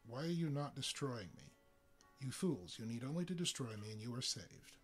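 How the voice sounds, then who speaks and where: A man's voice: mid-range voice, lively intonation, moderate pace, soft background music, natural voice. A man voicing a tormented giant male alien who speaks in a formal, stilted way. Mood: anguished.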